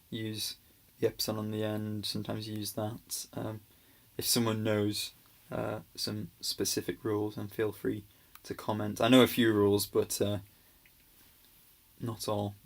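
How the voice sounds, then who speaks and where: A man with a fairly low voice walks through a grammar lesson at an unhurried pace. He explains patiently and reassuringly, pausing often on ums and restarting his sentences. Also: vocal fry. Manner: hesitant, many ums and restarts. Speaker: language teacher. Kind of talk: casual slide-based grammar lesson.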